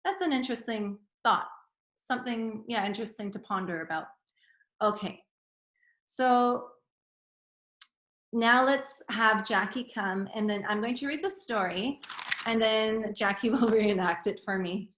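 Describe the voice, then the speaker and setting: A woman teacher with a bright, clear voice reads a fable aloud to young children. She talks in a gentle, chatty way, pausing to explain. The voice rings in an echoey room. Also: on the high side. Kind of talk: storytime reading and chat.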